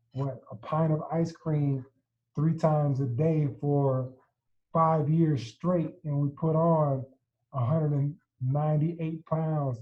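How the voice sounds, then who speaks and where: Man teaching a yoga tutorial, slightly high voice, mellow tone, chatty and relaxed, checks in with listeners. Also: muffled recording. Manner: chants slowly and evenly. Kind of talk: casual video tutorial.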